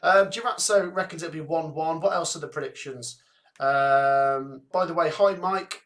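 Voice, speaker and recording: A young man with a Coventry accent hosting a live football watchalong, chatting and reading viewer comments and predictions out briskly. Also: on the high side, fairly bright tone. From England. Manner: chatty, reads out names and scores briskly.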